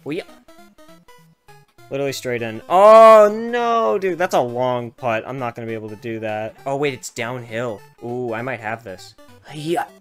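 A young man giving casual, profane gameplay commentary, swinging from loud excited outbursts to low muttering. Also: moderate pace, smooth, faint music behind. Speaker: gaming streamer.

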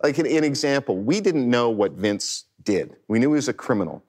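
A man on a panel calmly explaining how a show was made. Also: mid-range voice, fairly quick. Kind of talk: panel discussion.

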